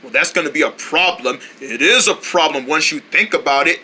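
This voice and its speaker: A wary cartoon creature mutters warnings in a grumbling, cautious way, as a man puts it on. The tone stays bright and edgy despite the lower register. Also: a little fast, slight background noise.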